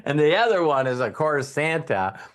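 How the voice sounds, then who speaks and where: A man hosting a casual live talk, rambling and animated, with frequent fillers and laughs, speaking into a webcam. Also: a little high, moderate pace. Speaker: host.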